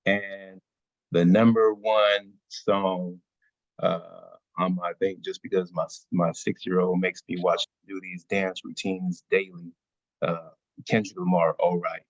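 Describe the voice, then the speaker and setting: A man in his thirties, a workshop participant, introducing himself in a relaxed, hesitant way over a video call. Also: low-pitched, takes it slowly, dry recording. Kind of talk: casual self-introduction. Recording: dull dry lo-fi call audio.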